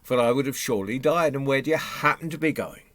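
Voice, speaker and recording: A man voicing a flustered cockerel who stammers with excitement in a told folk tale. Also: medium pitch, quick pace, no room sound, close to an everyday voice. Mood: excited.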